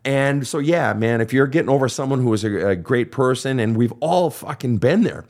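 A man's voice: mid-range voice, expressive, moderate pace, a little mellow. A middle-aged man hosting a podcast, answering listener questions in a blunt, profane, emphatic way. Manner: quotes people in mocking voices. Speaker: podcast host and counselor. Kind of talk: casual advice monologue.

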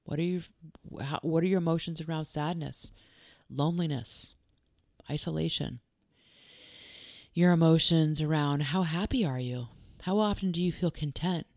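A woman's voice: deep voice, moderate pace, darkish tone, dry recording. Dry-voiced woman coach firing off questions. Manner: direct, fires off strings of probing questions; earnest, repeats key phrases for emphasis. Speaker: life coach and podcast host. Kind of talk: conversational coaching podcast.

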